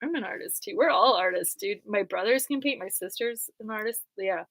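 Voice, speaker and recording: A woman's voice: medium pitch, a little fast, a bit bright, rough recording. A woman rambling casually over her court papers, chatty, laughing often and full of "like" fillers. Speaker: vlogger going through court papers.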